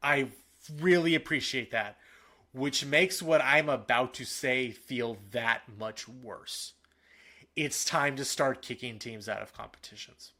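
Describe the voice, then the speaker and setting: A man co-hosting a casual sports podcast. He talks in an animated, opinionated way and often restarts his sentences. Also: mid-range voice, takes it slowly. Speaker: podcast co-host.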